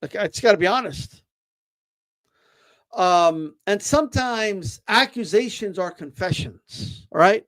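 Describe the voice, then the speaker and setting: Brief: opinionated male boxing host with a high voice, stumbling over repeated words as he rants. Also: lively intonation, unhurried, fairly bright tone. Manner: ranting, rhetorical "right?" tags, repeats words, says "bro". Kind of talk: opinionated casual commentary.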